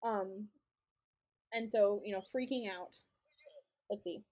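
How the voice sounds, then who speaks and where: A woman's voice: mid-range voice, takes it slowly, warm tone. A young woman streaming a game and chatting casually, telling a story with frequent laughs and lots of repetition. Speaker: streamer and co-host. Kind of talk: casual storytelling while gaming.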